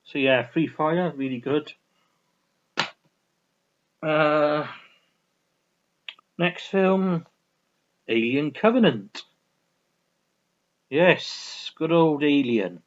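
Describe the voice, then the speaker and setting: Man, casual film review, rambling and sweary, slightly high voice. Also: lively intonation, drawn-out words, long pauses. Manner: rambling, restarts a lot, swears freely. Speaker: vlogger reviewing films. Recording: dull lo-fi recording.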